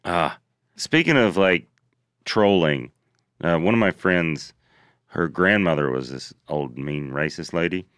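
A man co-hosting a comedy podcast, telling stories in an animated, joking way. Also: sits low, measured pace, dry recording, studio quality. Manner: animated storyteller, jokey voices for quotes. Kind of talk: casual comedic chat.

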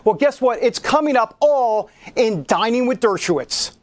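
A man's voice: extremely high pitch, expressive, moderate pace, loud music behind the voice. A man hosting a broadcast talk show, joking playfully as he hypes each segment.

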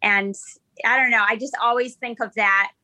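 A woman comedian talks as a guest in an easy, chatty way, with quick asides. Her voice sits high and sounds bright. The sound is dry and close. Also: steady tone, dry recording. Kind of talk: casual interview chat.

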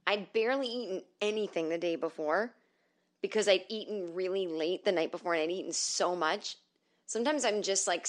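A middle-aged woman from the northern United States hosting a podcast from home, telling stories in a sarcastic, profane comedic monologue. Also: fairly low pitch. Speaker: podcast host.

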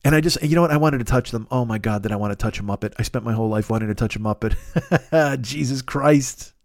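A man's voice: mid-range voice, fast talker, a little mellow, dry recording, clean studio sound. Profane rambling man on a comedy podcast. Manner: rambling, profane, with goofy sound effects and voices. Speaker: podcast host. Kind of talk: casual comic monologue.

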